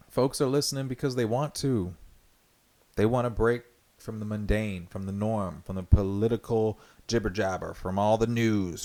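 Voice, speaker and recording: A man's voice: fairly low pitch, normal speed, a little mellow. A man hosting his own podcast, talking earnestly and rambling in a reflective solo monologue, full of fillers and restarts. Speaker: podcast host.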